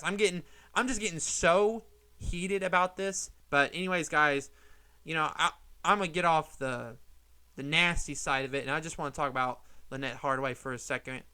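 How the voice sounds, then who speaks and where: Heated, bright-voiced male vlogger. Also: high-pitched. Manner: heated, indignant ranting. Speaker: political commentary vlogger. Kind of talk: opinionated commentary vlog.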